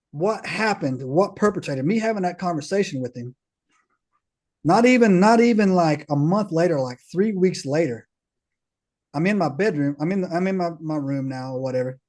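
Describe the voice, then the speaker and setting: A man's voice: high-pitched, moderate pace, pauses often. A man with a slightly raised voice tells his story as a podcast guest, loose and slangy. He keeps tossing in casual tags and checks that the listener is following. When he retells a scene he slips into the other people's voices. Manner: slangy, peppers talk with "man", "bro", "right?"; animated, acts out others' dialogue.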